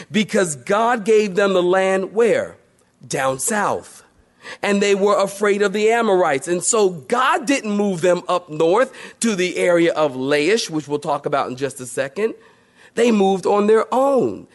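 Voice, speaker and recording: Male preacher, conversational Bible teaching, slightly high voice. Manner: conversational, with playful asides and mock voices.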